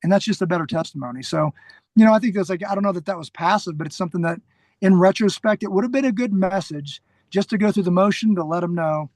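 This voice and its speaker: A middle-aged man, a guest on a podcast and a security trainer, telling stories in a casual, animated way, acting out quoted lines and often restarting his sentences. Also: high-pitched, fast talker, no room sound. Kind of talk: casual interview storytelling.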